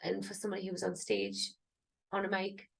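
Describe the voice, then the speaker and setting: A woman's voice: medium pitch, flat delivery, moderate pace, vocal fry, rough recording. A woman, rambling and thinking aloud in a casual vlog. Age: 30s. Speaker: singer vlogging.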